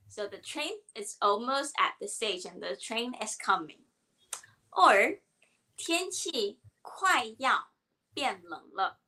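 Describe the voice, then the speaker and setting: Upbeat woman teacher, bright sharp voice, a bit high. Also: rough recording. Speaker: Chinese teacher. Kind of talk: grammar lesson.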